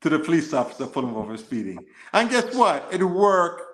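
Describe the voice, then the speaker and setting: American football coach, slightly higher-pitched male voice, chatty storyteller who laughs a lot, roomy echo on the recording. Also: very animated, brisk, a bit bright. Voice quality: laughs often while telling anecdotes. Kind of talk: casual chat, storytelling.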